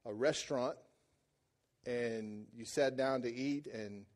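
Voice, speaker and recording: Guy preaching to his church, super animated, goes loud then real quiet, jokey and casual, mid-pitched voice. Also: takes it slowly. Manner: animated storytelling, swinging from loud excited peaks to hushed low passages; colloquial and joking with the congregation. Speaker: pastor. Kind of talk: sermon.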